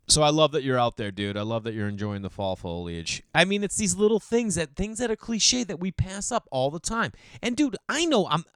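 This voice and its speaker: A man from Boston talks to his listeners in a loose, comedic monologue. His voice is smooth and resonant, recorded dry and close with no room around it. He rambles, jumps up loud for acted-out bits and drops into low mumbles, calling everyone dude. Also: no echo. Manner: swears casually, calls listeners dude. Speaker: podcast host and comedian.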